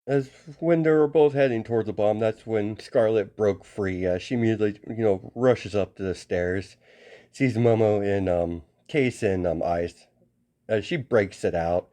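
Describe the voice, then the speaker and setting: A man narrates an improvised fan story, stopping often to restart and correct himself. His voice sits a little low and sounds soft and mellow. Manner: halting, full of restarts and self-corrections.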